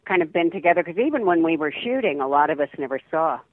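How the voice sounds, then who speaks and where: A woman's voice: low voice, lively intonation, quick pace, dry recording. An older woman, an actress, chatting in an interview over the phone and laughing often. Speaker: actress guest. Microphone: telephone. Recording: tinny dry phone line.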